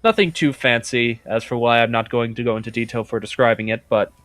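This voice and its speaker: A man narrating as game master in a relaxed, chatty way full of fillers. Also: medium pitch, brisk.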